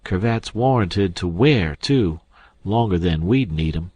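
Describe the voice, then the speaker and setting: A man voicing a middle-aged male con man who scolds his partner loudly and sarcastically. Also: sits low, expressive, a little slow, breathy edge, no echo, full character voice. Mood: scolding.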